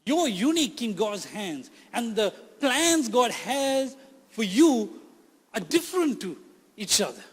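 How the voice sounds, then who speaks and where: A man's voice: extremely high pitch, big pitch swings, measured pace, slightly rough, in a large hall. A man preaching a sermon, emphatic and repeating phrases for effect.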